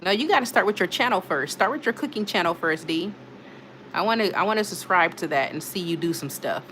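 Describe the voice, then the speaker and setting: A woman's voice: fairly low pitch, lively intonation, fairly quick, fairly bright tone, a little hiss or hum. A woman hosting a casual live stream, chatting and laughing as she reads out comments from her viewers. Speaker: livestream host reading chat.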